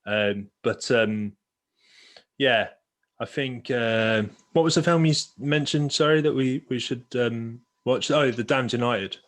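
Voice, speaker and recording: A man's voice: mid-range voice, a little slow. A man co-hosting a casual podcast chat about football films, chatty, trailing off with fillers and laughing often. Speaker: podcast co-host.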